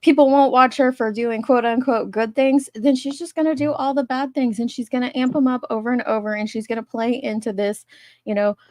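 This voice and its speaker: A woman's voice: fairly high pitch, steady tone, brisk, darkish tone, no echo. A woman hosting a live stream discussion, thinking aloud in a rambling, casual way over a video call. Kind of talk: casual chat.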